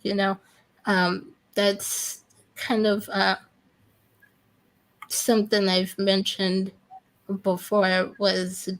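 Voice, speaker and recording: A woman's voice: medium pitch, monotone, drawn-out words, pauses often, poor audio. A woman hosting an interview, rambling with many fillers as she responds to her guest. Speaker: interview host. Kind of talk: casual interview talk.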